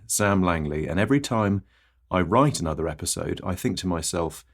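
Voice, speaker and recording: A man's voice: sits low, animated, moderate pace. A man hosting his own comedy podcast, delivering a scripted absurdist monologue full of rambling wordplay and mock self-importance.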